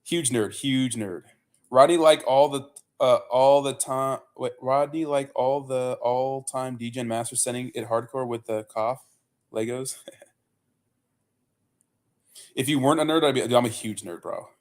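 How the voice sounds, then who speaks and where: A man's voice: mid-range voice, fairly even intonation, unhurried. A young man casually chatting on a livestream, rambling and swearing with lots of fillers and "bro". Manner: loose, profane, rambling with many fillers and "bro". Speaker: livestream host. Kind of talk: casual livestream chat reading viewer comments.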